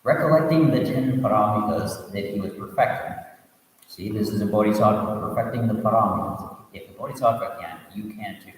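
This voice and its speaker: A low-voiced man reads a teaching story as a sermon, breaking off for asides and restarting lines. His voice comes from a distant mic in a room full of long, echoing reverb. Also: moderate pace. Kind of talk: storytelling sermon reading a Buddhist tale.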